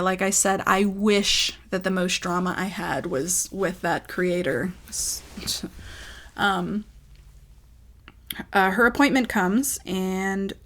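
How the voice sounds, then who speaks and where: Woman rambling through a personal story, lots of "like", emotional, mid-pitched voice. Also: fairly bright tone. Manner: rambling and emotional, full of fillers like "like". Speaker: ASMR creator.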